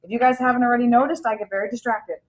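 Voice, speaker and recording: High-voiced teacher in an echoey classroom. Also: female voice, rapid-fire, recorded from a distance. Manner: animated, acts out anecdotes. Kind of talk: classroom lecture.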